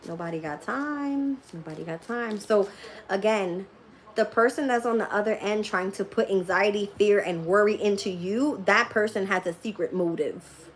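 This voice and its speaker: A woman's voice: medium pitch, fairly even intonation, normal speed. Blunt, profane woman tarot reader. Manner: laughs often while talking. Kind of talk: casual live-stream rant.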